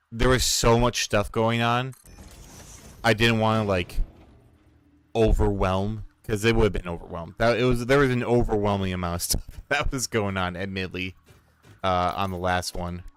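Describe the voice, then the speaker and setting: A man chatting casually and rambling while playing a game, swearing freely and getting excited. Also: fairly low pitch, measured pace, clean tone, no room sound. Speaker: streamer and storyteller.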